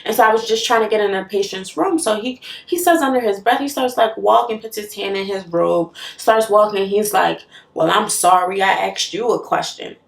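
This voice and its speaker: A young woman from West Africa who works as a nurse, telling a story casually, animated, with frequent laughs and fillers. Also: mid-range voice, normal speed, gravelly, roomy sound, distant mic. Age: young adult.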